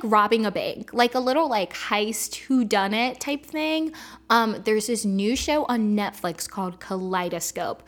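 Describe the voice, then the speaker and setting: A woman's voice: mid-range voice, lively intonation, unhurried. A young woman in her twenties hosting her own podcast, chatting casually and bubbly, with lots of "like". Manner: chatty, bubbly, heavy use of "like". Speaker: podcast host. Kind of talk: casual solo podcast chat.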